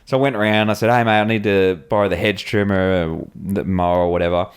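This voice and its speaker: A man's voice: low voice, fairly even intonation, fast talker, smooth. An Australian man co-hosting a podcast, telling casual stories full of swearing and laughter. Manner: swearing storyteller, laughs often. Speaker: podcast co-host. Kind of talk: casual chat.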